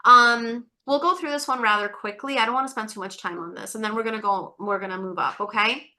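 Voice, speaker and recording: A woman tutor leading an online test-prep webinar, coaxing students with encouraging, repetitive questions and quick asides. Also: a little high, pushed and bright. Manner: rapid asides, many fillers.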